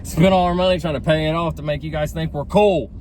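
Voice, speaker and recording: A man's voice: on the high side, steady tone, fast, a little mellow, rough recording. A man in his thirties rambling and joking as he drives, laughing at his own jokes. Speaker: vlogger. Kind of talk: casual rambling vlog while driving. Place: inside a car in traffic. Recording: road and traffic noise.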